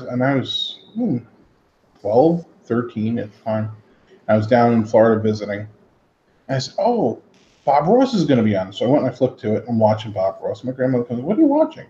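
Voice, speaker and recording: Host guy rambling thru a story, does the voices, warm-ish tone, kinda dull roomy audio. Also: medium pitch, slight background noise. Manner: rambling, animated, acts out quotes. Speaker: host of a modeling hangout. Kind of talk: casual storytelling chat. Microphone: headset.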